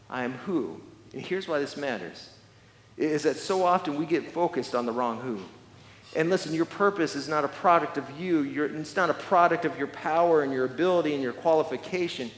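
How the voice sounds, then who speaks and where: A man with a high voice preaches a sermon in a big, echoing church hall. He presses his points hard, doubling words and restarting phrases as he goes. A long reverb trails behind every line. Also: normal speed, slight background noise. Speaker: pastor.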